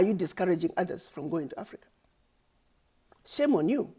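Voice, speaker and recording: A woman's voice: fairly low pitch, sing-song, moderate pace, long pauses, a little mellow, husky. A woman giving an impassioned, preachy address straight to her audience, firing rhetorical questions and repeated refrains. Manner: preachy, accusatory, rhetorical, repetitive. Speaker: activist speaker. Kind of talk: impassioned direct-to-camera address.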